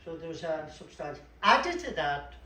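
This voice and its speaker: A man's voice: a little high, big pitch swings, normal speed, sharp tone. Donegal man lecturing in an echoey hall. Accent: Donegal Irish. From Donegal, Ireland. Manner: chatty, explanatory, with dry asides. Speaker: guest speaker at a local history talk. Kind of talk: public lecture on local place names. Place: community hall at a book launch. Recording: echoey hall, distant mic, faint room noise.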